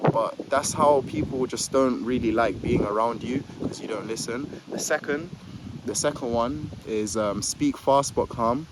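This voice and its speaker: A young man giving casual advice to the camera outdoors in a park. He rambles, fills gaps with "like", and stammers a little. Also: medium pitch. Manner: rambling, filler-heavy, says "like" a lot; a little jittery, stammers on words. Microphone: phone or camera held facing him. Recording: outdoor street noise with passing traffic.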